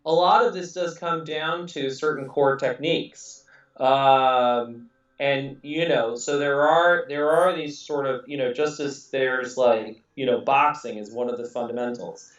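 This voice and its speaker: A man's voice: mid-range voice, unhurried. A man raised in England rambles through a casual podcast chat, full of fillers and restarts. He sits away from the mic in a roomy, echoing space, and the sound is a little dull. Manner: rambling, many fillers and restarts, laughs often. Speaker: podcast host. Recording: echoey room, distant mic, dull audio.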